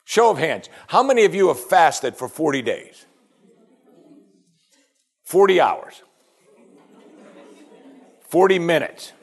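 A man preaching a sermon, reading scripture aloud and asking pointed questions, often dropping to a hushed voice on key points. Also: fairly high pitch, big pitch swings, slow, creaky, pauses often.

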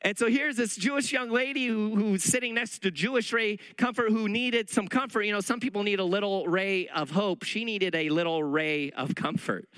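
A middle-aged male preacher telling stories in a sermon, animated and acting out the dialogue. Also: high-pitched, normal speed, hardly any pauses, clean tone, dry recording, low-quality recording. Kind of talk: sermon storytelling.

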